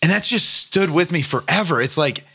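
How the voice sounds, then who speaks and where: A man's voice: a little high, animated, moderate pace, gravelly, bright, forceful tone, breathy edge. A man co-hosting a faith podcast, reflective and affirming, often chiming in with agreement. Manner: reflective, affirming, frequent backchannels. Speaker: podcast co-host. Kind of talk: casual faith conversation.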